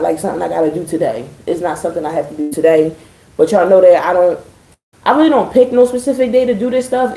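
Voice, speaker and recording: A chatty woman talks straight to her viewers in a mellow, warm voice, swearing freely with dry sarcasm. Her voice carries a roomy echo, like a live stream from home. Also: lowish voice. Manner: chatty, profane, addressing viewers as y'all. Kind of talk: casual live-stream chat.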